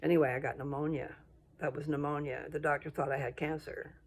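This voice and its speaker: An older woman ranting bluntly to her viewers, scolding and rambling, with her voice jumping up into high indignant peaks. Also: little pitch movement, brisk, slight background noise. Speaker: vlogger. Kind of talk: casual rant to camera.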